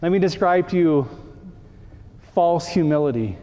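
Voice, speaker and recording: A man's voice: on the high side, expressive, measured pace, dark tone. A male priest giving a conversational sermon, acting out short everyday dialogues for his congregation. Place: church. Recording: reverberant church hall.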